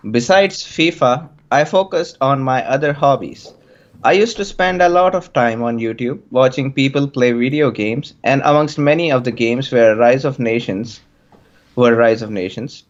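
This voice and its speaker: A man voicing a young male student with an Indian accent, reading written interview answers slowly and deliberately over a dull lo-fi mic. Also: mid-range voice, close to an everyday voice. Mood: earnest.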